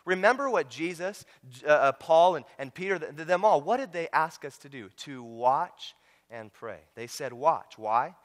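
A man's voice: fairly high pitch, lively intonation, moderate pace. A man preaching a sermon through a Bible study guide, emphatic, repeating words and calling out to his congregation. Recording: long reverb of a large hall.

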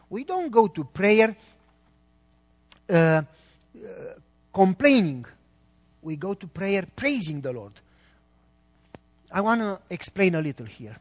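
A man's voice: sits high, sing-song, slow pace, long pauses, big-room sound. A middle-aged man, preaching a sermon as a pastor and quizzing the congregation with emphatic questions.

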